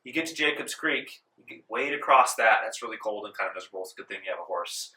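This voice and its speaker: A man's voice: on the low side, expressive, fast talker, pushed and bright. A man narrating as game master of a tabletop game in a casual style, with plenty of "um" and "like", recorded in a library meeting room. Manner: casual, filler-heavy narration. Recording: roomy room, distant mic.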